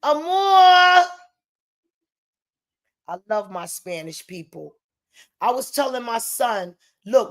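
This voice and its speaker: A woman from the United States, ranting heatedly to the camera at home and swearing freely, her voice rising into shouts. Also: on the high side. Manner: heated, profane, breaks into shouting. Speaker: vlogger. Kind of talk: angry direct-to-camera rant. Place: home in the Bronx.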